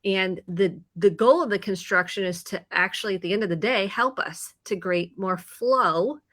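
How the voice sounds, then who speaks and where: A woman therapist with a Midwestern American accent, calmly explaining and acting out inner thoughts in a casual video chat. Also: mid-range voice, normal speed. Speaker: therapist guest. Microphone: video call.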